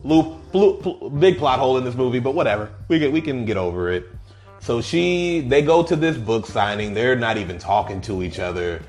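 A man's voice: medium pitch, brisk, soft background music. A man co-hosting a casual podcast, recapping a movie with lots of laughter and acted-out lines. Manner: animated, laughing, acts out lines from the film. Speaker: podcast co-host.

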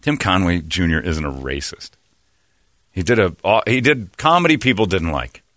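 A man's voice: low-pitched, sing-song, moderate pace, a bit bright, no room sound. A man hosting a radio show, talking in blunt, opinionated studio banter.

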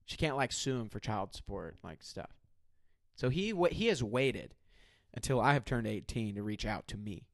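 A man's voice: fairly low pitch, lively intonation, moderate pace, vocal fry, no room sound, studio quality. A young man telling a personal story in casual chat, emphatic and full of "like" fillers.

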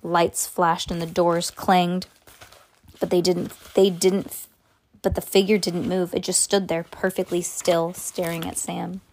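Woman reading a children's book aloud. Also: fairly low pitch. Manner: halting, self-correcting read-aloud with lively sound words. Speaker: reader.

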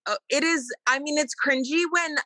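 A woman co-hosts a casual podcast, talking frankly with plenty of fillers and some swearing. Her voice is bright and tense. The sound is close and dry. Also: high voice, normal speed, no echo, low-quality recording. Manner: candid, filler-heavy, swearing. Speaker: podcast co-host. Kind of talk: casual chat.

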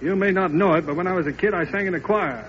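A man's voice: sits high, fast talker. A man trading wisecracks as a guest star in scripted 1930s radio comedy banter. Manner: wisecracking, playful. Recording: muffled old radio broadcast with hiss.

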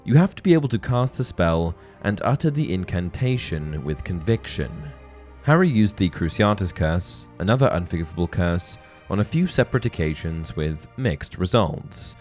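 A man narrates a scripted video essay in an earnest, analytical way. His voice sits very low but moves with lively, animated inflection. Faint music plays softly behind him. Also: normal speed. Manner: earnest, analytical, reads book passages aloud.

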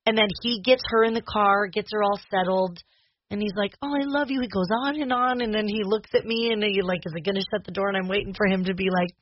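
A woman's voice: quick pace, muffled recording, slight background noise. A woman in her thirties co-hosting a podcast, chatting casually and laughing often. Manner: expressive, laughs often, jumps between high and low. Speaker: podcast co-host. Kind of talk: casual chat.

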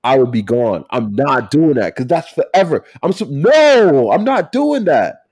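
A man co-hosting a casual talk, emphatic and animated, repeating his points. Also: medium pitch, unhurried, husky. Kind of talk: casual chat.

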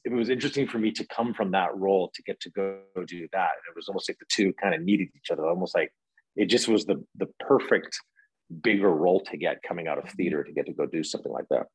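A man's voice: sits low, slightly rough, dry recording, poor audio. A man in his thirties, an actor, telling stories in a casual interview, rambling with many fillers and restarts.

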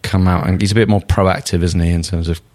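A low-pitched man chatting on a football podcast. He is blunt and jokey and swears freely, ranting half in fun. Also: little pitch movement, fast, darkish tone. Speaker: podcast co-host. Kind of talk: casual football podcast chat.

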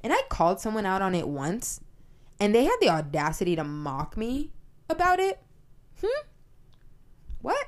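A woman in her twenties hosting a podcast, talking in a blunt, profane and animated casual monologue. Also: medium pitch. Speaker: podcast host.

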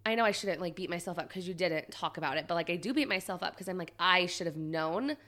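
A woman hosting a podcast, talking in a sympathetic, lively way with quick restarts. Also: fairly low pitch. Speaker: podcast host. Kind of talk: casual chat.

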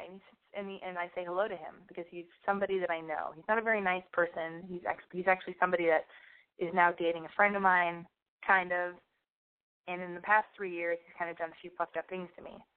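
A young woman telling a rambling personal story in a blunt, profane, animated way, her voice wearing out. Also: on the low side. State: losing her voice. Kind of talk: casual anecdote monologue. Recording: tinny phone-like sound.

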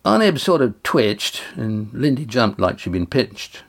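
A man's voice: medium pitch, sing-song, a little slow, voice pushed up. A man voicing a blunt crewman who speaks dryly in an audiobook. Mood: wry. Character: blunt, wry male crewman. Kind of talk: audiobook character voice.

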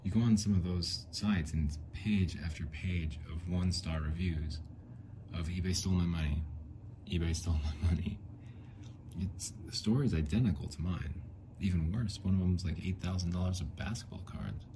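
Deep-voiced man ranting on a podcast. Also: normal speed, mellow, slight background noise. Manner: rambling, frustrated, swears often. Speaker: podcast host. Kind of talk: casual solo podcast rant.

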